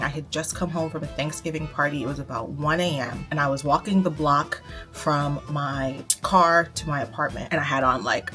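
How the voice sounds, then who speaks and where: A young woman in her twenties from the United States tells a personal story in a casual vlog, animated and laughing as she goes. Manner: animated, laughs while retelling, lively pitch jumps. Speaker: vlogger. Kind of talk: casual storytelling while getting ready.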